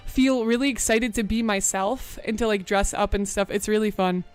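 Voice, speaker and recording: A woman's voice: medium pitch, steady tone, normal speed, clear, resonant tone, faint music behind. A young woman streamer, bubbly and chatty with lots of "like" fillers, talking casually to her live chat from a room at home. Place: home room with a bright window.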